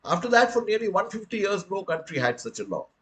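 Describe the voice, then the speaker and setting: A man's voice: sits high, sing-song, fast, fairly bright tone, rough recording. An older man from India with an Indian English accent gives an earnest public lecture full of rhetorical questions and addresses his listeners as friends. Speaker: guest speaker.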